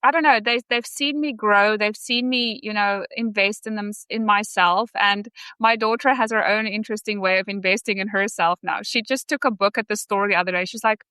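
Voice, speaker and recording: A woman's voice: mid-range voice, steady tone, brisk, few pauses, bright, forceful tone, smooth, no room sound. A woman guest telling personal stories on a podcast, heartfelt and earnest. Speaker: podcast guest, sales student. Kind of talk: candid personal storytelling.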